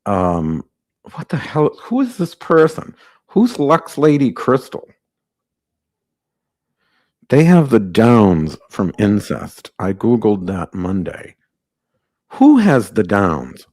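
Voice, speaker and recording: A man with a fairly low voice hosts a live call-in podcast. He rambles loosely from one aside to the next in a brash, joking tone. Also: sing-song, takes it slowly, pauses often, a little mellow. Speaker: podcast host.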